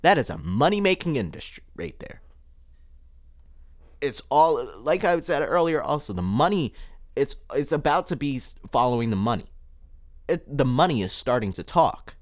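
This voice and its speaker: A man hosting a solo podcast, talking in an excitable, emphatic way and repeating words for effect into a podcast microphone. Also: medium pitch, moderate pace. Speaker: podcast host.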